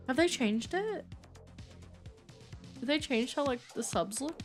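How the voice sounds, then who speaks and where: A woman live-streaming a game, chatting in an excitable, self-mocking way. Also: sits high, a little slow, long pauses, soft background music.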